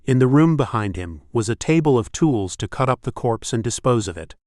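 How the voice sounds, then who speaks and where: A man's voice: mid-range voice, expressive, fairly quick, darkish tone, no room sound. Man narrating an audiobook, dry sound. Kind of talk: scripted narration.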